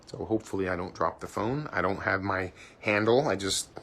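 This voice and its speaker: A man with a low, fairly bright voice talks fairly fast while streaming live from a cruise ship balcony, phone in hand. He's chatty and playful, mocking himself as he describes the view, with slight hiss or hum.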